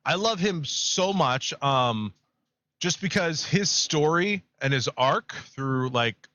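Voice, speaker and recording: A man co-hosting a podcast, retelling a myth in a rambling, animated way. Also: a little high, takes it slowly, no room sound. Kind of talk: casual chat, storytelling.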